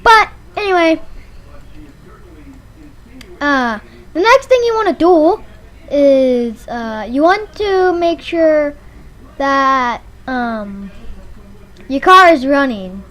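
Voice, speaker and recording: Woman, high voice, deadpan jokey how-to, lots of ums, car showroom. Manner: rambling, halting with many fillers; deadpan absurd advice. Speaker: vlogger. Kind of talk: joking mock tutorial.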